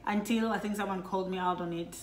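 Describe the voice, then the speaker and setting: A woman's voice: medium pitch, steady tone, quick pace, echoey room. A middle-aged woman from Lesotho, telling a personal story in a casual vlog, chatty and full of "you know" asides. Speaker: vlogger.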